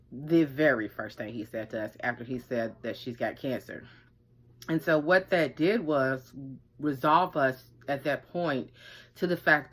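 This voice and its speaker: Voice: mid-range voice, pushed and bright. A survivorship coach telling a personal story in loose, casual talk, rambling with lots of fillers and acting out quoted speech. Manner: rambling, many "like" and "you know" fillers, acts out quoted speech.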